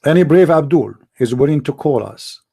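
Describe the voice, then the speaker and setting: A man's voice: a little high, animated, moderate pace, vocal fry, warm tone, husky. A man hosting a live debate stream, arguing emphatically with rhetorical questions and non-native grammar. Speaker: live debate show host.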